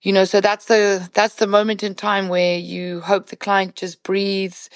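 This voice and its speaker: A professional hunting guide, appearing as a woman guest on a podcast, retells a night hunt with animated, conversational storytelling packed with "you know" fillers. Her mid-range voice is unhurried, and the recording is dry.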